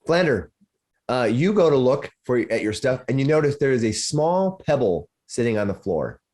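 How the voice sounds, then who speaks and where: A man running a tabletop role-playing game as dungeon master, narrating in halting bursts with many restarts. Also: mid-range voice, big pitch swings, darkish tone.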